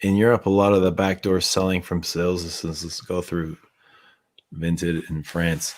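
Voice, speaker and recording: A man hosts a late-night livestream in a relaxed, drawling chat. His voice sits very low and deep, and he laughs often. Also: moderate pace. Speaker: perfume brand owner hosting a livestream.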